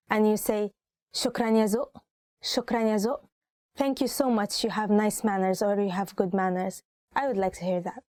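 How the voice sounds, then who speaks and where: A woman's voice: medium pitch, darkish tone, no room sound. Woman, casual language teacher, laughs a lot, repeats words, dry recording. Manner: chatty, laughs often, repeats phrases slowly. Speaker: Arabic teacher.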